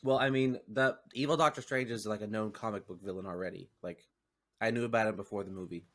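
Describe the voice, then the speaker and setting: A man's voice: lowish voice, steady tone, fast. A man co-hosting a podcast in casual chat, rambling and starting over as he talks. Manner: rambling, filler-heavy, self-interrupting. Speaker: podcast co-host.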